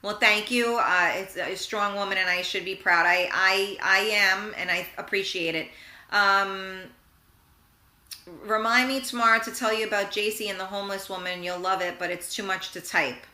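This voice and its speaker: On her live internet radio show, a medium-pitched woman speaks at normal speed, her voice reverberant. She gives a frank, animated motivational talk about positive thinking, reads viewer comments aloud, and acts out little scenes.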